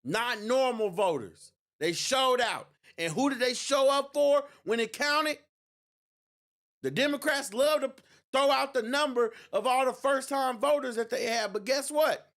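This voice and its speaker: In a very high, fairly bright voice, a man hosting a political livestream speaks unhurriedly as he mocks and gloats through election night commentary. He laughs often.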